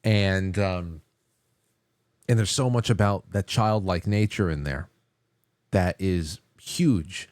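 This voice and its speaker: A man hosting a book club podcast, thinking out loud in a halting way and often repeating words as he looks for what to say. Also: low-pitched, no room sound, clean studio sound. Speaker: podcast host. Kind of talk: casual book discussion.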